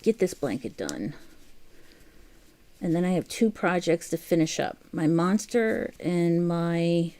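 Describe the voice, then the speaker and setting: A woman's voice: fairly low pitch, lively intonation, takes it slowly, dark tone. Chatty woman hosting a crochet livestream. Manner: chatty and easily amused, muses aloud. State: has the hiccups. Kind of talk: casual chat while crocheting, reading viewer comments.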